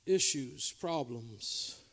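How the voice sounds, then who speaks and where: A man preaching a revival sermon as a pastor, swinging between loud exhortation and quiet, confessional asides to the congregation. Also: animated, drawn-out words, creaky. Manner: preaching with shifting loudness, from shouting highs to quiet confessional lows. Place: church revival service.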